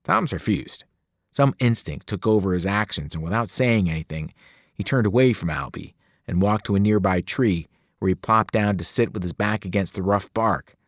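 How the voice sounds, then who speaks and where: A man, a teacher, reading a novel aloud with expressive narration. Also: lowish voice, moderate pace, no echo, studio quality. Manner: expressive, voices the characters. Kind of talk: audiobook narration.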